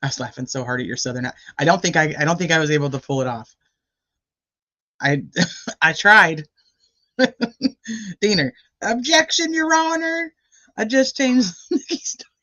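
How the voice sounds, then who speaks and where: A woman's voice: sits low, pushed and bright. Woman, live-stream host, rambling casual chat, greets viewers, muffled lo-fi audio. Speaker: livestream host.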